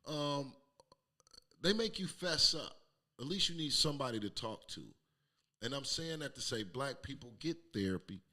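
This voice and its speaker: A middle-aged man hosting his own podcast, telling a raw, emotional personal story with plenty of profanity and sometimes dropping to a hush. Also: fairly low pitch. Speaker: podcast host. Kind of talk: candid personal monologue.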